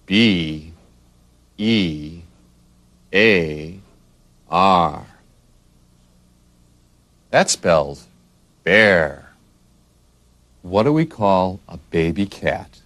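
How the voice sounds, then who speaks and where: A man's voice: deep voice, animated, extremely slow, long pauses, fairly bright tone, no echo. A middle-aged man reading a children's read-along book, spelling words letter by letter and making playful animal sounds.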